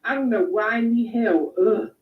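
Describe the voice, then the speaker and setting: A woman's voice: fairly high pitch, moderate pace. A woman reads super chats on a casual stream and comments with blunt, profane mockery. Her voice comes through roomy and dull, like lo-fi audio. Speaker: co-host reading super chats.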